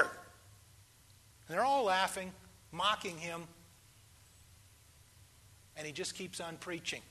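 High, bright-voiced man in his sixties preaching. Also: lively intonation, husky. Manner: dramatic pauses, swings between quiet and loud; rhetorical questions to the congregation. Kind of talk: sermon.

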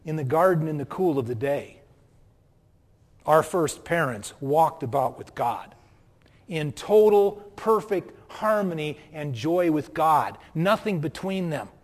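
A man's voice: fairly high pitch, big-room sound. A man with a Minnesota accent preaching a sermon as pastor, earnest and building to strong emphasis. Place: church.

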